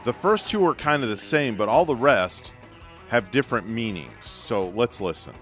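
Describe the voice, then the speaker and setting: A man's voice: mid-range voice, lively intonation, moderate pace, a bit bright, faint music behind. A man hosting a morning radio show, setting up clips and teasing his co-hosts in casual banter. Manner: sets up bits, teases co-hosts. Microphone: studio microphone.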